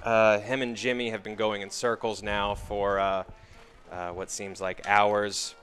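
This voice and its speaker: A man narrating a tabletop game as game master, relaxed and full of fillers. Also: lowish voice, unhurried, clean tone, faint music behind.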